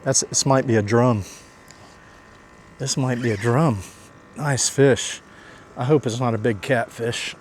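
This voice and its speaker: Male outdoor host, mid-pitched, chatty and excitable, narrating his catch live from a kayak with faint background noise. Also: measured pace, long pauses. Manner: excitable, talks to viewers while fishing. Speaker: fishing vlogger host. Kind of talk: casual running commentary.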